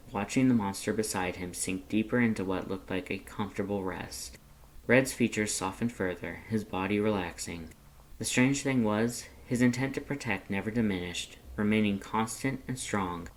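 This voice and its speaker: Low-voiced man reading a story aloud. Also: moderate pace, slight background noise, low-quality recording. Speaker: fanfiction reader. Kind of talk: read-aloud narration.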